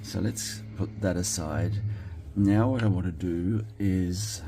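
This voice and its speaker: Slow, gravelly Australian man crafting. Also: low voice, dark tone, soft background music. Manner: chatty, thinks aloud, murmurs approval at his work. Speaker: card-making crafter. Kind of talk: casual commentary while crafting.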